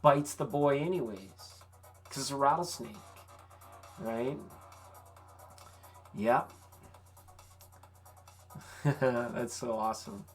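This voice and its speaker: A tarot reader hosting a live stream, talking casually and encouragingly to viewers, with relaxed, folksy phrasing and the odd swear word. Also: medium pitch, slow pace, long pauses, faint music behind. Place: vacation rental.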